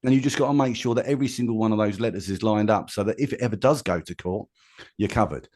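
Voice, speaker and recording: A man's voice: fairly low pitch, quick pace, darkish tone. A man from England, an inventor being interviewed, who talks plainly and rambles with many restarts. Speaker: inventor guest. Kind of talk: casual interview chat.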